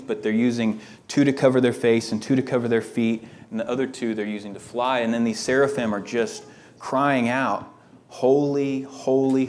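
A man reading a scripture passage slowly and deliberately, then thinking it through aloud as a Bible study teacher. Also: mid-range voice.

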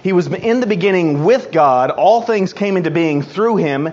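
A man's voice: sits high, lively intonation, a little mellow. Earnest man preaching, lo-fi sound. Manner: earnest, emphatic, quick restarts and repetitions. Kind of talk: sermon.

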